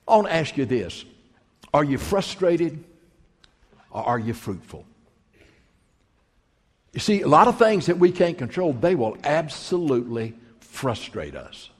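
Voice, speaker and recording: Male pastor, slow and emphatic delivery, lively rising and falling pitch, reverberant sanctuary sound. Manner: emphatic preaching, repeating key phrases. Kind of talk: sermon.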